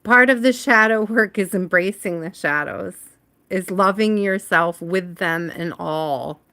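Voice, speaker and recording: Slow, chatty woman tarot reader. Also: on the low side, pushed and bright. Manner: chatty, answers viewers by name, laughs often. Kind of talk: casual livestream tarot reading.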